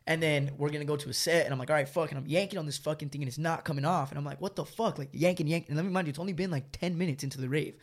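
Fast-talking young man telling a story. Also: a little high, fairly even intonation. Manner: rambling slangy storytelling, laughs often. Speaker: storyteller guest. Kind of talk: casual chat.

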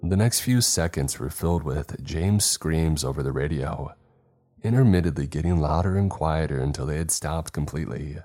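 A man narrating a first-person horror story in a tense, measured way. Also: rumbling low, a little mellow.

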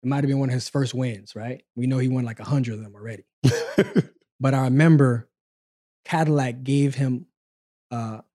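Mellow-voiced man telling his story. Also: medium pitch, moderate pace, long pauses. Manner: relaxed, conversational, acts out quoted dialogue. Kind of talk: casual storytelling conversation.

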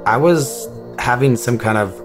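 A man being interviewed, recounting a personal story in a halting, reflective way with many restarts. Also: mid-range voice, over music.

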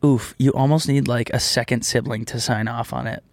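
A man's voice: mid-range voice, fairly even intonation, moderate pace, no room sound. Jokey young man podcast host. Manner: jokey, playful banter. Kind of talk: casual chat.

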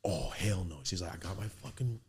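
A man hosting a podcast, telling a profane street story in a casual, animated way and acting out quotes and gun sounds in a studio. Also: low voice, brisk, slight background noise. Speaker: podcast host.

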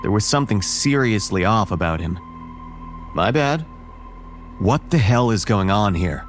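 A man narrating a first-person horror story in a measured, wary tone. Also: fairly low pitch, expressive, soft background music.

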